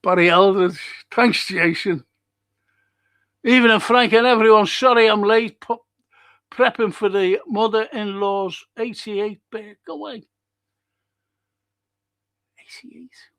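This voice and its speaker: A man's voice: high voice, fairly even intonation, unhurried, a bit bright. Chatty man hosting a stream. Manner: rambling, chatty storytelling with restarts. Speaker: live stream host reading chat. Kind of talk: casual chat.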